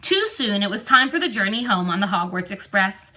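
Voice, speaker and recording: A woman reading a storybook aloud in a clear, steady narrating voice. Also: medium pitch, a little fast. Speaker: audiobook reader.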